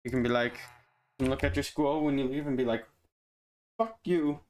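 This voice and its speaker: While playing a game on stream, a man jokes around, teases his audience, responds to chat, and laughs a lot. He speaks quickly in a steady, mid-range voice with a darkish tone.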